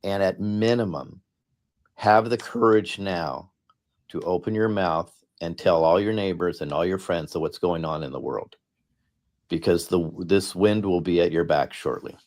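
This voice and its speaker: A middle-aged man with a low, slightly slow and mellow voice speaks as a guest on a panel. He is a political candidate giving an impassioned talk, earnest and emphatic, and he often repeats his words for stress.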